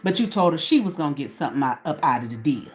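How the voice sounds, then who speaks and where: Soft music plays in the background as a woman with a low, animated voice talks fast. She hosts her own small channel and rants at someone to camera in a profane, confrontational way, putting questions to herself.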